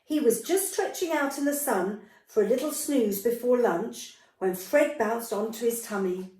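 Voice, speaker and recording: A woman's voice: fairly high pitch, normal speed, darkish tone. A woman reading a picture book aloud to young children, giving the characters livelier voices and adding chatty asides. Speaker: storyteller. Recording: echoey room, voice from a distance.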